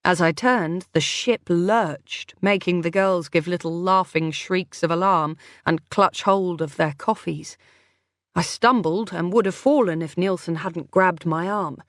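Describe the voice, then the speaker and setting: A woman narrating a first-person mystery audiobook in an even, measured way. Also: lowish voice, dry recording, studio quality.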